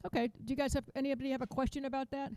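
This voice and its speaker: A woman teaching a drum masterclass over a video call, chatty and counting beats out loud. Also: sits high, little pitch movement, very fast, background noise. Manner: chatty, restarts sentences, counts beats aloud.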